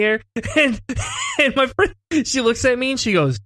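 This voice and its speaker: A man's voice: extremely high pitch, sing-song, moderate pace, sharp tone, no room sound. A man co-hosting a podcast, telling stories in casual chat, laughing often and swearing casually. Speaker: podcast co-host.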